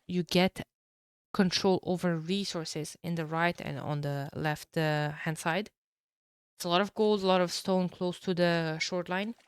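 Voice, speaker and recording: A woman commentating a strategy game match, her voice hoarse from being sick, talking at low energy with throat-clearing and fillers. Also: no room sound. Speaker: tournament caster.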